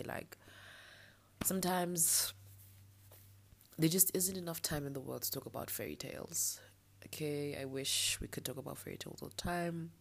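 A woman's voice: low voice, vocal fry. A young woman hosting her own podcast, talking candidly and a little frustrated late at night, with a blocked nostril. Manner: candid, frustrated, ranting with soft laughs. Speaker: podcast host. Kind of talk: late-night personal monologue.

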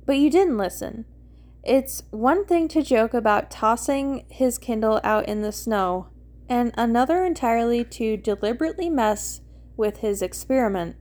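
A woman's voice: a little high, animated, moderate pace, a little mellow, lightly acted. A woman voicing a nervous, defensive young man who rants anxiously in a story she reads aloud.

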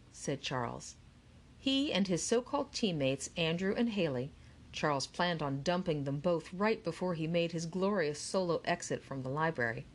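A woman reads a children's novel aloud as an audiobook narrator. Her voice sits low, yet she narrates with animated, expressive swings of pitch. The delivery is scripted and storytelling.

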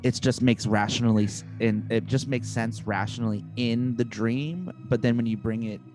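A man's voice: medium pitch, steady tone, normal speed, music in the background. A man hosting a podcast, asking eager, chatty questions in a casual interview. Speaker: podcast host.

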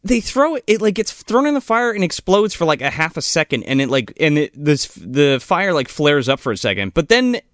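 An excitable man co-hosting a podcast, retelling scenes with lots of swearing and "like." His voice sits a little high and jumps around in pitch. The sound is close and dry. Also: moderate pace, few pauses, no echo. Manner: excitable, profane, full of "like". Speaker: podcast co-host. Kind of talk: casual comedic chat.

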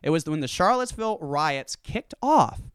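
Profane, animated man ranting. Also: fairly high pitch, normal speed, clean tone, no echo, clean studio sound. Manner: profane, animated storytelling with acted-out quotes. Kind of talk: casual ranting monologue.

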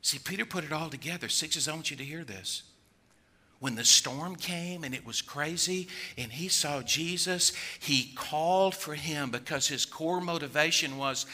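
An older man preaching a sermon, acting out worried voices, then dropping low to draw listeners in. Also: normal speed, pushed and bright. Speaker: pastor.

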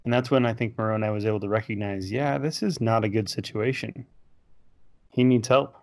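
A man in casual discussion of scripture, talking in a relaxed, conversational way and sometimes reading quotes aloud. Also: lowish voice, fairly quick, gravelly.

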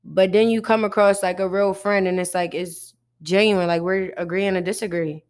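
A woman's voice: mid-range voice, steady tone, moderate pace, darkish tone. A young woman hosting a casual chat podcast, candid and slangy, filling her talk with "like.". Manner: candid, slangy, says "like" a lot. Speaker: podcast host.

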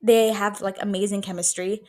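A woman's voice: medium pitch, flat delivery, moderate pace. Chatty young woman podcaster. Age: 20s. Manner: chatty, emphatic, swears freely, says "like" and "bro" a lot. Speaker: podcast host. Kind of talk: casual solo podcast chat.

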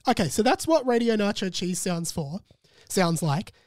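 Man, sore throat, high-pitched, playful rambling podcast host. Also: lively intonation, moderate pace, a little mellow, soft background music. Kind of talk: casual solo podcast chat.

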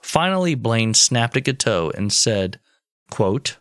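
A man's voice: medium pitch, slow pace, smooth, no echo, clean studio sound. A man co-hosting a podcast, telling a history story in casual chat, swearing freely. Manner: swearing, animated, deadpan jokes. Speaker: podcast co-host.

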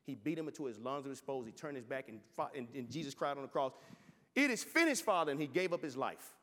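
A man's voice: medium pitch, fast talker, long reverb tail. A male pastor preaching with passion, telling a story and often restarting his words. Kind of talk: sermon.

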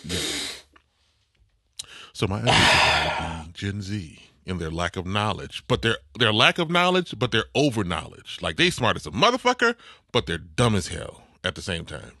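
A middle-aged man with a low, bright, forceful voice tells a story in a casual chat. He is animated and swears freely. The sound is dry and close. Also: moderate pace, breathy edge, no room sound.

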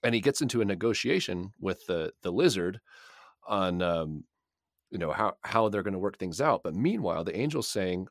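A man's voice: deep voice, expressive, normal speed, no room sound, studio quality. A man co-hosting a podcast and chatting casually about a book, rambling and repeating words as he thinks. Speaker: podcast co-host.

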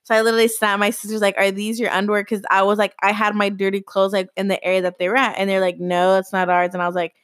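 A woman's voice: medium pitch, little pitch movement, fast, hardly any pauses, a bit bright, no echo, studio quality. A young woman in casual chat, telling a long story full of swearing and acted-out quotes.

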